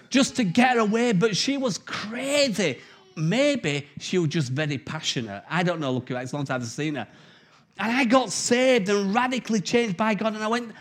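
A middle-aged man preaching an informal sermon, telling stories with big swings from loud to hushed. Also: high-pitched.

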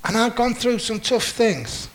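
Chatty storytelling man, high voice. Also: expressive, a little slow, poor audio. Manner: chatty, self-mocking, acts out quoted lines. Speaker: speaker giving a talk with slides. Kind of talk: personal storytelling talk.

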